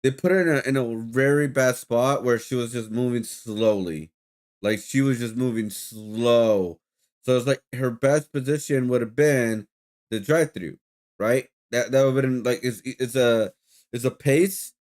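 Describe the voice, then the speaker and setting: A man's voice: mid-range voice, measured pace, a little mellow. A man streaming, telling a rambling story in casual chat with lots of fillers and swearing.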